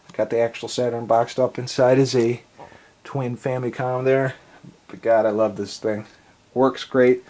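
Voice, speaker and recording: A man's voice: medium pitch, darkish tone. A man with a stuffy, congested voice, casually rambling through a tour of his game collection with lots of fillers. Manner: rambling, filler-heavy, enthusiastic about gear. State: congested and breathing heavily from allergies. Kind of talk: casual off-the-cuff tour narration.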